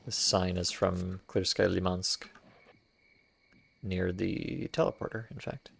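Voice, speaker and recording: A man's voice: low-pitched, fairly even intonation, slow pace, vocal fry, fairly bright tone, breathy edge. A man streaming a game, giving wry, playful commentary to his chat as he explores. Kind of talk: casual gameplay commentary.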